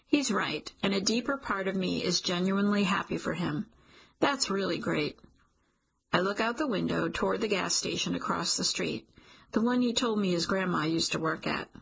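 A woman's voice: lowish voice, animated, moderate pace, gravelly, fairly bright tone, breathy edge, low-quality recording. A woman narrating a romance audiobook in first person, intimate and emotional.

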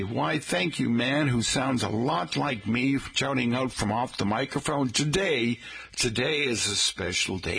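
Male radio host, casual and rambling, raspy gravel at the bottom of his voice. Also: medium pitch, measured pace, a bit bright. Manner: rambling, folksy, chatty asides to listeners.

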